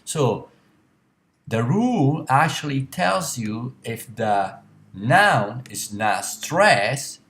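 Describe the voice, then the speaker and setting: A man teaching a language class, explaining slowly with many pauses and self-corrections. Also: mid-range voice, very animated, fairly bright tone. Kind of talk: classroom lecture.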